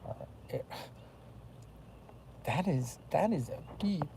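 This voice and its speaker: A man's voice: fairly high pitch, lively intonation, slow, gravelly, mellow, a little hiss or hum, rough recording. A man rambling in a casual monologue, full of fillers and restarts. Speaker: vlogger.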